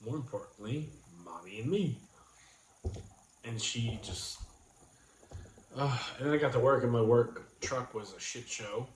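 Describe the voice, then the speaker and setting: A middle-aged man chats to his online audience and tells a story, putting on voices for the people in it. His voice sits at an ordinary pitch. The room is echoey and a faint hiss stays underneath. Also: a little slow, pauses often. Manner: animated storyteller, acts out quoted lines. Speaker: vlog host. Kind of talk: casual storytelling to a livestream audience.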